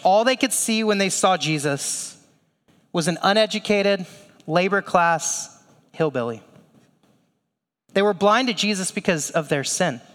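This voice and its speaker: A man's voice: high voice, lively intonation, a little slow, pauses often, fairly bright tone, in a large hall. A male pastor preaching a sermon in a conversational way, with rhetorical asides and questions.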